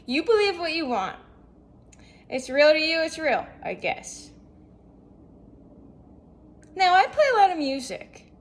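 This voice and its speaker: A young woman with a high, bright-sounding voice chats to the camera in a loose, rambling way. She drifts between thoughts and keeps asking rhetorical questions, sharing casual self-help musings. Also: very animated, slow pace, long pauses. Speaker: vlogger.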